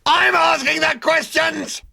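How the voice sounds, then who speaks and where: A man's voice: extremely high pitch, sing-song, quick pace, gravelly, pushed and bright, no echo, voice pushed up, full character voice. A man voicing a furious male military second-in-command who squeals and bellows. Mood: furious shouting.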